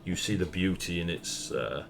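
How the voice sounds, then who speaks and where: A man's voice: deep voice, moderate pace, creaky, noisy background. A young man with a Northern English accent, narrating a tabletop game as game master in a laid-back, rambling way and laughing often.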